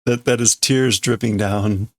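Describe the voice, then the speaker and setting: Brief: unhurried male streamer working through a translation, halting, dry close sound. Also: lowish voice, fairly even intonation, darkish tone, dry recording. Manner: hesitant, self-correcting, chuckling often. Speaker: streamer learning Japanese. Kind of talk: reading a comic aloud and translating.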